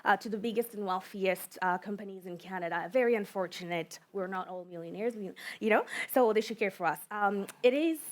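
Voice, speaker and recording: A woman who is losing her voice gives an earnest, halting answer as a candidate at a debate. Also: medium pitch. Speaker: election candidate. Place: community debate hall.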